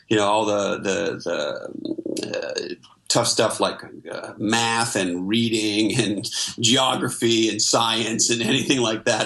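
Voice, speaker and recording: A man's voice: fairly low pitch, a bit bright. A middle-aged man from Canada, a guest in an interview, telling his life story in a reflective way with many fillers. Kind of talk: interview conversation.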